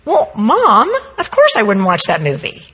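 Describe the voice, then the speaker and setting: A woman's voice: medium pitch, wildly swooping pitch, a little slow, a bit bright, slightly rough, heavily acted. Young girl, polite and firm, as a woman tells it. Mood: matter-of-fact.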